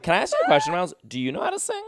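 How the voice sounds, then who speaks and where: A man's voice: sits high, huge pitch swings, very fast, noisy background. A man co-hosting a casual chat, asking questions in a playful, teasing way. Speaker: co-host.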